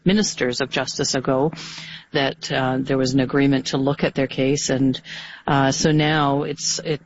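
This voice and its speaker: Measured woman, halting. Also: very deep voice, flat delivery, highs cut off, a little hiss or hum. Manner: measured, halting, with many fillers and restarts. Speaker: senator, guest. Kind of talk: interview answers.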